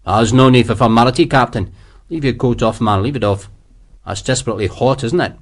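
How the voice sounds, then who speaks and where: A man voicing a genial, brisk army general in an audiobook, with a soothing, hearty way of talking. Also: medium pitch, close to an everyday voice. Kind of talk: audiobook character voice.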